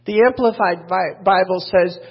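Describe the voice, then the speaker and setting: A woman's voice: lowish voice, normal speed, breathy edge. An older woman preaching a sermon from a pulpit. She talks candidly, wanders off into personal stories with self-deprecating asides, and reads scripture aloud. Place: church pulpit. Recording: dull lo-fi sermon recording.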